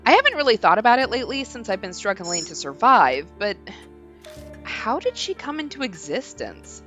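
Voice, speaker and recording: A woman reading the inner narration of an anxious young male lord trapped in a haunted mansion from a horror game, in her own lively voice. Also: fairly high pitch, normal speed, dull audio, soft background music. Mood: uneasy.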